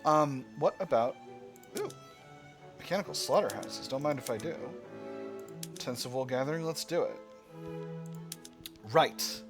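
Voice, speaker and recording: A man's voice: a little slow, pauses often. A man giving casual commentary while playing a strategy game, musing aloud with playful asides. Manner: musing, playful asides, sudden high squeals of delight. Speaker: strategy game let's-player. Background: game music.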